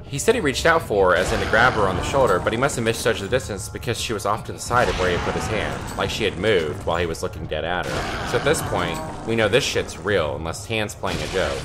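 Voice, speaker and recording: A man's voice: deep voice, lively intonation, quick pace, hardly any pauses, over music. A man casually reading a creepy story aloud to friends during a game, swearing freely and laughing between lines. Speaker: let's play commentator.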